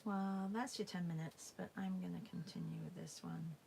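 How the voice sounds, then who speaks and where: A woman leads a live drawing class and chats casually as she works. Her voice is lowish and slightly gravelly, and she talks slowly and softly. She often slips into a half-whisper over faint background noise. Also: steady tone, low-quality recording. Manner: soft and musing, often dropping to a half-whisper. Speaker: art teacher hosting a live drawing class. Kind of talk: casual chat while drawing.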